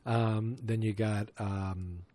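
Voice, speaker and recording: Low-voiced man, casual rambling podcast host. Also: steady tone, slow pace, dark tone. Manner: rambling, loose, full of fillers and restarts. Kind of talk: casual movie review podcast.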